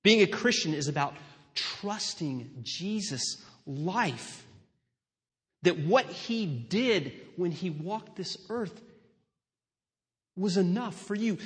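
A man preaching a sermon as pastor, slow and emphatic, building on repeated refrains. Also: high voice, long reverb tail.

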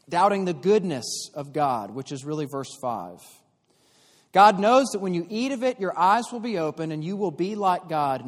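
Man teaching in an echoing hall. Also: on the high side. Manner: explanatory, with frequent fillers and restarts. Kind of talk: church teaching talk. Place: church hall. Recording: long hall reverb.

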